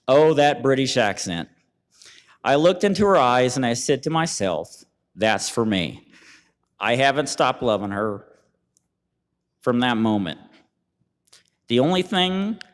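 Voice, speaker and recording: A man giving a halting, emotional eulogy at a memorial service, reading letters from family. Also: mid-range voice. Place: event venue, livestreamed. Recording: long reverb of a hall.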